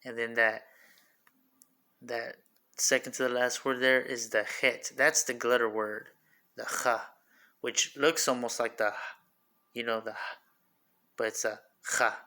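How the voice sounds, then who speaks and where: A man teaching in a casual, unscripted way, his voice bright and edged, with his pitch staying fairly level. He rambles and leans on fillers. He repeats each word several times as he sounds it out. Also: little pitch movement, unhurried, long pauses. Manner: loose and rambling, repeats words to sound them out; filler-heavy, says like and you know often. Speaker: religious teacher.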